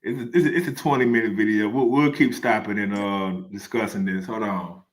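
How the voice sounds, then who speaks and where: A man's voice: on the low side, steady tone, a little fast. A man hosting a casual reaction stream, joking crudely and rambling loosely. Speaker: stream host.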